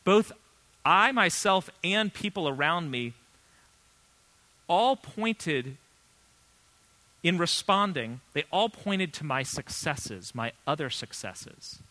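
Bright-voiced man preaching earnestly. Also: on the high side, animated. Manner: earnest, conversational preaching with emphatic pauses. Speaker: pastor. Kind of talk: sermon.

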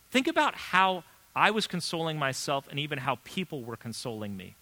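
A pastor delivers his sermon in an earnest, conversational style, leaning on emphatic pauses. His voice is bright and forceful and sits a little high for a man. He sounds like he is in his thirties. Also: sing-song.

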